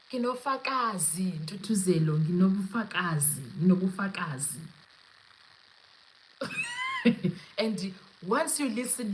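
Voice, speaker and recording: A mid-range, slightly mellow voice belongs to a young South African woman hosting a live podcast, giving casual, animated live-stream commentary that mixes English with Zulu and frequent laughter. The audio is poor.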